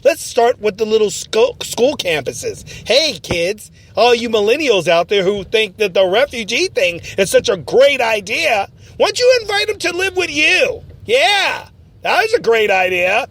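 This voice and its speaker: A man hosting a mock talk-radio show, ranting and often shouting in a mocking tone. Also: very high voice, big pitch swings, a little slow.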